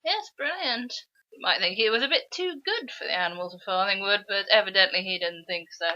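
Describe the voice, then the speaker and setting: A woman co-hosts a relaxed podcast with a bright, forward tone. She chats easily and chimes in with asides. The audio is lo-fi and a little muffled. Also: medium pitch, fairly quick. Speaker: podcast co-host. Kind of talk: casual podcast chat.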